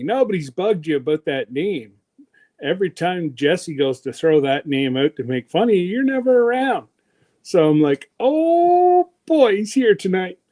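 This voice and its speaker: A man's voice: a little high, mellow. A man hosting a casual livestream, chatty and folksy, greeting viewers one by one. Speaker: livestream host.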